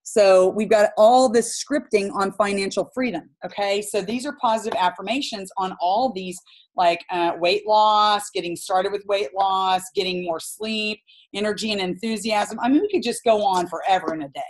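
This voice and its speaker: A woman coaching a live group call, talking in an animated and direct way and laughing often. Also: mid-range voice, normal speed.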